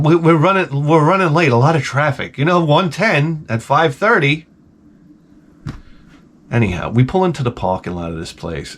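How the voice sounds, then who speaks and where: A man, telling a profane, rambling story in a casual vlog. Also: mid-range voice. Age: 40s. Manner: animated, profane, repeats himself. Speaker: vlogger.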